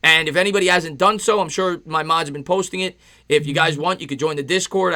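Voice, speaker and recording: A man doing casual play-by-play on a live stream, chatting with viewers between pitches. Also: bright, forceful tone. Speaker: live-stream sports host.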